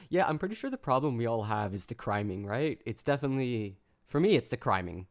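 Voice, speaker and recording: A man's voice: mid-range voice, lively intonation, brisk, hardly any pauses. Gleeful mocking male streamer. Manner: gleeful, mocking, breaks into laughter. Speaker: livestream host. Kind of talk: casual reaction commentary.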